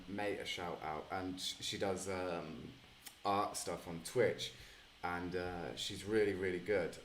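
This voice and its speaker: A man's voice: fairly low pitch, slight background noise. A man hosting a live stream, chatting casually with lots of fillers and calling people mate. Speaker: streamer host. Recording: echoey room.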